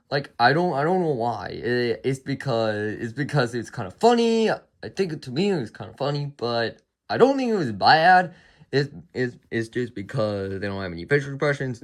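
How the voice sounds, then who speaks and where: A man retelling a movie's plot in a casual review, rambling and chaining "and then", often restarting and apologizing. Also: medium pitch.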